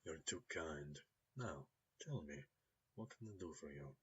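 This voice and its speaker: A man voicing a cultured, polite Russian rigger, speaking softly, courteously and in a measured way. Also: very deep voice, animated, a little hiss or hum. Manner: soft-spoken, measured and courteous. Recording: slightly dull lo-fi recording.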